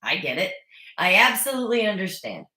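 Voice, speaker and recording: A woman's voice: medium pitch, sing-song, a little fast, pushed and bright, reverberant. A woman recapping a reality show in a casual, chatty way, opinionated with sarcastic asides. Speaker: recap vlogger. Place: home.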